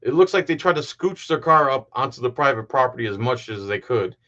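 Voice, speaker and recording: A man's voice: mid-range voice, expressive, brisk, bright, forceful tone, lo-fi sound. Man with a sarcastic, angry ranting voice. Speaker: commentary host. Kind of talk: reaction commentary over video.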